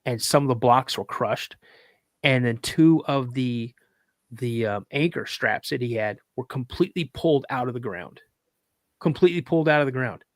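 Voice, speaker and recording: This podcast guest has a mid-range voice and speaks at normal speed, captured in clean studio sound without any room noise. Chatting casually, he tells a meandering story with restarts and fillers, voicing other people's lines louder.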